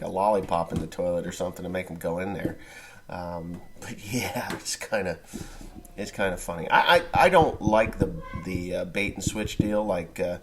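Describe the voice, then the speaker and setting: A man's voice: sits low, a little hiss or hum. A middle-aged man, a farmer, talking casually and bluntly to the camera with crude jokes. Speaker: farmer vlogger.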